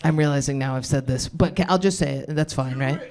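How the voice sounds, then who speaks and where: A woman's voice: low voice, fairly quick, a little mellow. A woman in her thirties doing crowd-work stand-up comedy on a club stage, rambling, cutting herself off and laughing at her own jokes. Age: 30s.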